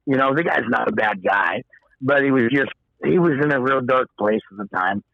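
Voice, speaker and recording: A man as a podcast guest, speaking calmly and bluntly in casual conversation. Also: mid-range voice, moderate pace, creaky, dry recording, narrow, tinny audio. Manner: calm, matter-of-fact, blunt.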